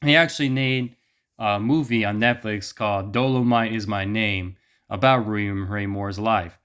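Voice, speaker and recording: A man's voice: lowish voice, fairly bright tone, clear, resonant tone. A man giving a blunt opinion monologue as a vlogger, ranting with frequent swearing.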